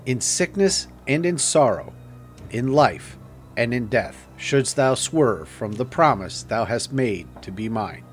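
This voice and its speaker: A man's voice: mid-range voice, a little hiss or hum, close to an everyday voice. Man doing a sinister cursing stranger. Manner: theatrical, menacing, declamatory. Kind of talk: audiobook character reading.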